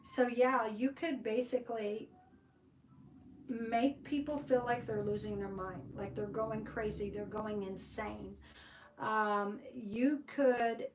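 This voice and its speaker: A woman's voice: medium pitch, recorded from a distance, slight background noise, low-quality recording. Rambling woman giving a tarot reading. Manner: rambling, many fillers and restarts. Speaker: tarot reader.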